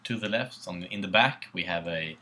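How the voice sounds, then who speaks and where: Low, very bright-toned Swedish man. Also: fairly quick. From Sweden. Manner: laid-back, swears casually. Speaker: co-host. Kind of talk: casual battle report commentary.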